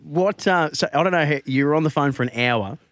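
A man's voice: a little high, brisk, fairly bright tone. A man hosting a radio show, casual and teasing with his co-hosts. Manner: upbeat, teasing. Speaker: radio host. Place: radio studio.

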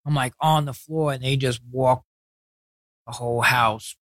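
A dry recording captures a man with a mid-range, a bit bright voice and fairly even intonation. He's a guest from New York City with a New York accent, telling stories from his past in a casual interview. He swears heavily, talks blunt street talk, and acts out others' words in quick retellings.

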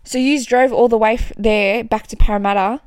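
A young woman in casual chat, reacting with shock and sympathy and asking quick questions. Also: fairly high pitch, steady tone, darkish tone, smooth, no echo. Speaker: listener.

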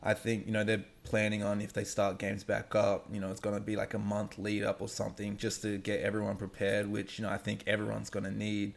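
A young man with a faded Australian accent talks in a low, flat, gravelly voice. He answers questions in an easygoing, unhurried way, stopping and restarting with lots of "um" and "you know". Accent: Australian, somewhat faded. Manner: laid-back, halting, many fillers. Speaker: guest athlete. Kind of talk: casual remote interview.

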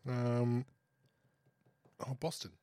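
A man's voice: medium pitch, fairly even intonation, extremely slow, warm tone, clean tone, no echo. A man co-hosting a casual sports podcast, laid-back and teasing, often mumbling. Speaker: podcast co-host.

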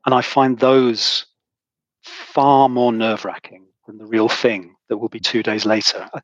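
Middle-aged male guest, husky, dry close sound, emotional and halting. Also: mid-range voice, flat delivery, dry recording, lo-fi sound. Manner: halting, emotional, many restarts. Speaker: podcast guest, author. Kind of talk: conversational interview.

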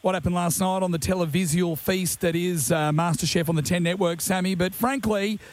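Jokey Australian radio host, higher-pitched man. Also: steady tone, brisk. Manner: jokey, teasing, says "mate" a lot. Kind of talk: casual radio banter.

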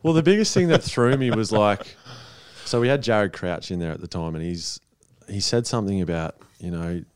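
A man's voice: lowish voice, moderate pace, clean tone, no room sound. An Australian man, a guest in a casual chat, telling stories with chuckles. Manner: storytelling, chuckling, mimics others. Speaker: guest footballer.

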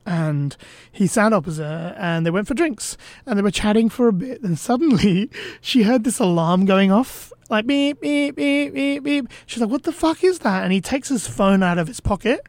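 A man's voice: high voice, animated, moderate pace, a little mellow, no room sound. A man co-hosting a casual dating podcast, telling stories animatedly and swearing with a laugh. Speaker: podcast co-host, dating coach.

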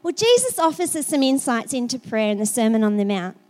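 A high-pitched middle-aged woman with an Australian accent delivers a sermon. She talks the way she would chat to friends, telling stories and sometimes repeating words as she thinks. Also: sing-song, brisk, a little mellow. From South Australia. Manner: conversational, storytelling, repeats words. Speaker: preacher.

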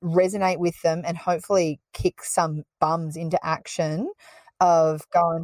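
A woman hosts the podcast with enthusiastic, chatty energy. Her voice sits a little low, and the sound is dry and close. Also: fairly even intonation, a little slow, a little mellow, dry recording. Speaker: podcast host. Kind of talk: casual chat.

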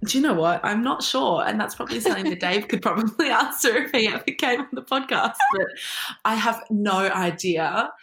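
A woman's voice: medium pitch, lively intonation, a little fast, reverberant, heavy background noise. A woman guest on an interview podcast, telling a personal story wryly and often laughing as she goes.

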